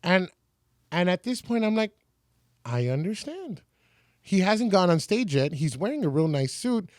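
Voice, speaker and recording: A man's voice: high-pitched, sing-song, measured pace, dry recording, clean studio sound. A man in his forties from San Antonio, a radio personality telling stories as a podcast guest and acting out other people's lines. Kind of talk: casual storytelling.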